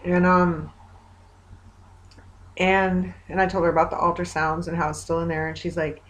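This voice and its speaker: Rambling woman vlogger, low-pitched voice. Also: flat delivery, moderate pace, fairly bright tone, a little hiss or hum. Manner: rambling, retells conversations with many fillers; hopeful yet weary. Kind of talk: casual personal video diary.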